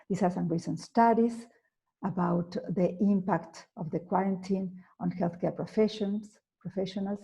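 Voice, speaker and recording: Gravelly, husky Argentine woman lecturing. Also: medium pitch, fairly even intonation, dark tone, highs cut off. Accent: Argentine Spanish. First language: Spanish. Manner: measured, with frequent fillers and self-corrections. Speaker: psychotherapist presenting at a conference. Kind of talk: lecture presentation.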